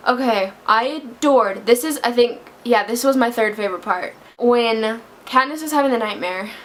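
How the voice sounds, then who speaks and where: A woman's voice: on the high side, normal speed, a little hiss or hum. A young woman vlogging a casual movie review, gushing and emotional, her voice close to tears at times. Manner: gushing, emotional, breaks into laughter and near tears. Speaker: book vlogger.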